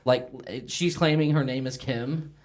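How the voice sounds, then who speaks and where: A man's voice: mid-range voice, fairly even intonation, measured pace, a little mellow. A young man co-hosting a podcast, chatting casually, rambling with lots of fillers and frequent laughs. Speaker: podcast co-host. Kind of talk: casual chat.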